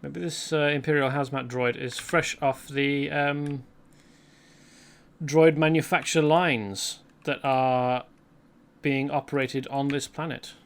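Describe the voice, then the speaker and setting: A man's voice: mid-range voice, fairly even intonation, slow pace, gravelly, clear, resonant tone. A man hosting a let's play, rambling chattily through gameplay commentary and correcting himself as he goes.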